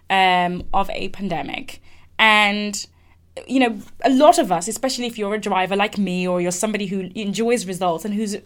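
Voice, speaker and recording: A woman, candidly telling a personal story in a reflective way, with frequent fillers and restarts. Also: medium pitch. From England. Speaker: speaker sharing a personal story.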